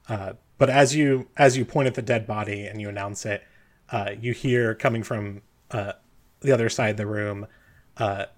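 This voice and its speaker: Male game master, loose rambling narration. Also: fairly low pitch. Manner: rambling, with frequent fillers.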